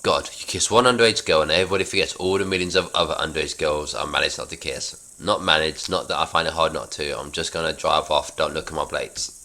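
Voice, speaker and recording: A guy reading out a careless, flippant middle-aged dad, very deep voice but bright and forceful tone. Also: steady tone, fast, few pauses, full character voice. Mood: bluffing.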